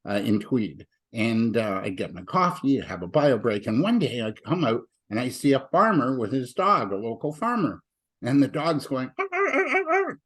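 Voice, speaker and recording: A man's voice: medium pitch, expressive, normal speed, fairly bright tone, slightly rough. A man from Canada, hosting a conversational interview and telling stories with opinionated asides and frequent fillers.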